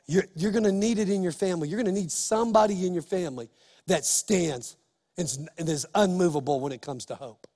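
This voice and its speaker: A male pastor preaching an impassioned sermon, building to shouts. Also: high-pitched, fairly quick, in a large hall.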